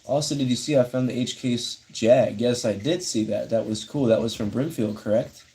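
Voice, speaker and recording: A man's voice: medium pitch, normal speed, mellow, slight background noise. A young man casually chatting on a live stream, reading chat messages aloud and answering them in a laid-back way.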